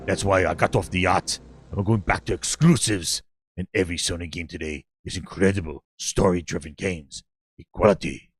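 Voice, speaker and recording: A man doing a deep, slow, grandiose impression of a shirtless male studio boss making a big announcement. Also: breathy edge, no echo.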